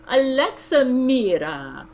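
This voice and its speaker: A haughty, explosive rich woman, as a female narrator puts her on, with a thick Slovenian accent. She barks her orders slowly and rises to a piercing, high shriek. The reading comes through with a faint hiss in the background. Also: big pitch swings, vocal fry, full character voice. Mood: vain. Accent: put-on Slovenian.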